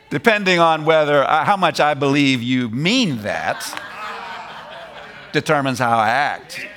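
A middle-aged man preaching a sermon, animated, repeating phrases and laughing as he drives points home. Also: a little high, a little hiss or hum.

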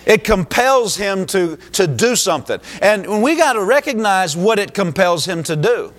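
A man from the United States delivers a sermon as pastor, his voice sitting high. He preaches emphatically, pushing his lines up into exclamations. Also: sing-song, moderate pace.

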